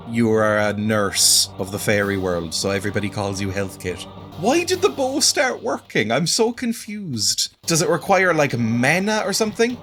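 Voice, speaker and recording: A man's voice: mid-range voice, fairly bright tone. A man giving sarcastic commentary while playing a video game, often breaking into exclamations. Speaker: gaming video creator.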